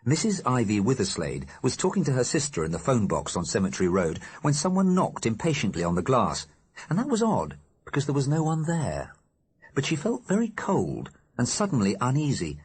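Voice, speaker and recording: A man narrating an audiobook in a measured, wry storytelling manner. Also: lowish voice, husky. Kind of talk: scripted narration.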